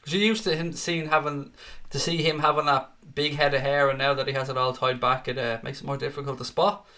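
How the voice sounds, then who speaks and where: A young man runs a live fan watchalong, calling the action and firing back at viewer comments with excitable, sweary banter. His voice sits at a medium pitch and moves at a brisk clip.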